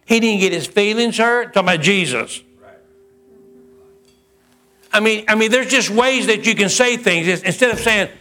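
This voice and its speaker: A man preaching a sermon, acting out the dialogue of the story with swings in his voice. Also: sharp tone. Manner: storytelling preacher who acts out the dialogue with a lot of pitch swings. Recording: faint music behind.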